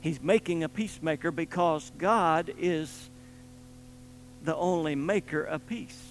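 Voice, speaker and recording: A man preaching a sermon with emphatic delivery, swinging between loud stressed points and quiet low asides. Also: a little slow, soft background music, rough recording.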